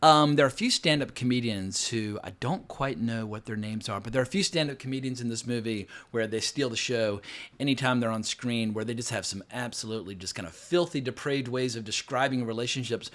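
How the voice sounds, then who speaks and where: Male film reviewer, casual monologue, quick delivery, blunt and profane, lots of "like" and "uh". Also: medium pitch, a bit bright. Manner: rambling, frank, with frequent fillers and profanity. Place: home, New York City.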